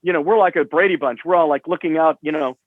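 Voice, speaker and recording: A man's voice: on the high side, fast. A man in his sixties, a rock musician guest, telling stories in a rambling, profane way full of fillers, over a remote call. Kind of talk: casual storytelling. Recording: tinny phone-like line.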